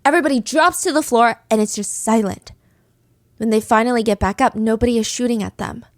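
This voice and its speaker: A woman's voice: fairly high pitch, brisk, dry recording, clean studio sound. A woman hosting a true crime podcast, retelling a case in a chatty, dramatic way with casual asides. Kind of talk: casual storytelling.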